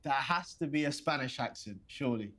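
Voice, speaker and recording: A man's voice: medium pitch, expressive, brisk, bright, forceful tone. Nervous London guy. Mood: awkward. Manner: nervous, stammering. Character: nervous young London man on a video date. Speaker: game protagonist. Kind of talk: game voice acting.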